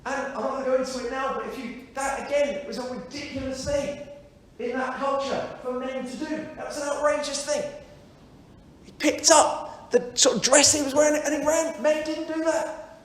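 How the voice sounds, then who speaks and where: A man's voice: very high-pitched, level tone, normal speed, a little hiss or hum. A man minister preaching a sermon during a church service, reflective, repeating key phrases and speaking straight to his listeners. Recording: very echoey church sanctuary.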